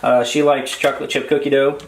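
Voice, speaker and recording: A man's voice: medium pitch, a little fast, gravelly. Rambling man in a roomy echo. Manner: rambling, filler-heavy, relaxed. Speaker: vlog co-host. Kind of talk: casual grocery haul chat. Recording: roomy echo, faint noise.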